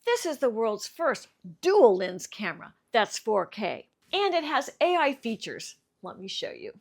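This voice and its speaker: A woman's voice: fairly high pitch, big pitch swings, measured pace, vocal fry, dry recording, clean studio sound. A woman demonstrating a webcam in an upbeat, enthusiastic way, recorded outdoors in a garden through a webcam mic on a computer. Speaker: product reviewer. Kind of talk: product demo.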